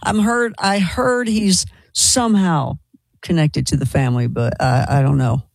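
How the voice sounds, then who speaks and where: A man's voice: on the high side, fairly even intonation, creaky, no echo, low-quality recording. A male radio call-in host with a slight Kentucky accent, chatting with callers in an enthusiastic, talkative way. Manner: chatty, enthusiastic, quick asides. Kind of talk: casual call-in radio chat.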